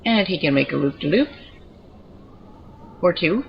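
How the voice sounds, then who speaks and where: Woman chatting through her game pets, kinda low voice, digressive, muffled stream audio. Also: lively intonation, measured pace, vocal fry, slight background noise. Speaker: gamer showing off her pets. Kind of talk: casual gameplay commentary.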